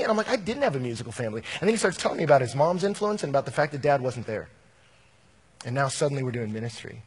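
A man preaching a sermon as a pastor, telling personal stories, swinging from animated to quiet and intimate. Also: fairly high pitch, racing, breathy edge.

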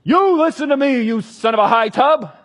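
A man voicing a furious, paranoid old king who shouts accusations at his men. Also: extremely high pitch, expressive, normal speed, voice pushed up, exaggerated voice. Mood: furious shouting.

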